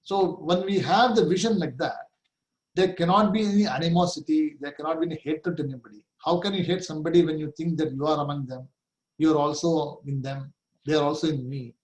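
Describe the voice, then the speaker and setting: A man's voice: fairly high pitch, steady tone, fairly quick, rough recording. A middle-aged man teaching a scripture class, explaining with rhetorical questions, light laughs and chanted Sanskrit terms. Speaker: Vedanta teacher.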